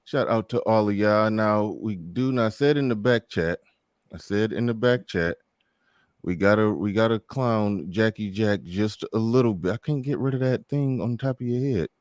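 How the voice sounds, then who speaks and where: A man hosts a casual livestream talk show in a somewhat low voice. He jokes around, swears and laughs through his chatter. The sound is dry and close, with no room around it. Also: moderate pace, a little mellow, no room sound. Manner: joking, swearing, laughing at his own stories.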